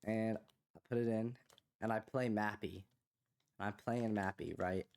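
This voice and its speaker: A young man co-hosting a podcast, telling a long casual story full of fillers like "like" and "you know", rising in pitch when he quotes other people. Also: unhurried. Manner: rambling, filler-heavy, animated when quoting others. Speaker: podcast co-host.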